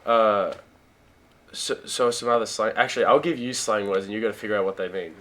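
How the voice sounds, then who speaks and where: A young man with an Australian accent, a college football player chatting casually as a podcast guest, relaxed and quick to laugh. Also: fairly low pitch. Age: young adult. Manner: laid-back, chatty, laughs easily. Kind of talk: casual chat.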